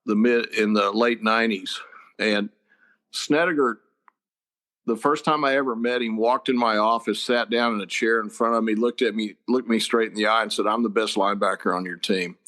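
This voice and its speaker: An older man, a head football coach, telling stories in a casual chat, with a lively, laughing manner. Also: on the low side, moderate pace. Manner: animated, laughing storyteller.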